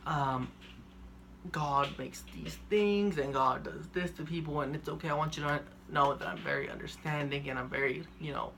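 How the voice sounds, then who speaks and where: A young man quoting his angry, cursing mother in a quieter voice than his storytelling. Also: low voice, moderate pace, vocal fry, a little hiss or hum. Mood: pleading. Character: angry middle-aged mother, scolding and cursing.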